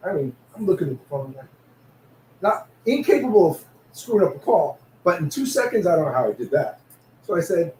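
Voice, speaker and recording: New York man telling stories, mellow and roomy. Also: sits high, a little fast. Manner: storytelling, animated anecdotes. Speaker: podcast co-host. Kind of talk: casual chat. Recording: echoey room with faint background hiss.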